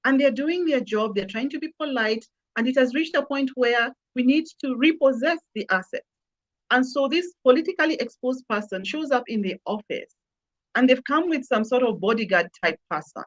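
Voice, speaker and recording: Woman, emphatic, repeats phrases for emphasis, fairly high voice, dull lo-fi sound. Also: lively intonation, normal speed. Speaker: customer experience consultant, guest. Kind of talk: conversational interview.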